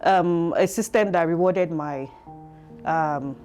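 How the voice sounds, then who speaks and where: A woman with a Nigerian accent, telling her story as an interview guest in a reflective, halting way full of fillers. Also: lowish voice, a little mellow, faint music behind. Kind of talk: conversational interview.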